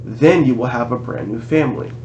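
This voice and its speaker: A man reading aloud, voicing a monster posing as a male teacher, slow and sinister. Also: medium pitch, a little mellow, highs cut off, a little hiss or hum, lightly acted. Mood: menacing.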